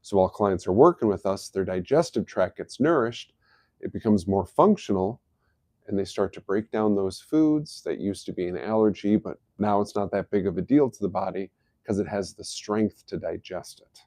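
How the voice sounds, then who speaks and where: Mellow-voiced man hosting a health stream. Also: fairly low pitch, normal speed, no echo, studio quality. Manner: easygoing, explanatory, chuckles at his own jokes. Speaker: host of a health live stream. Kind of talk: casual live-stream talk.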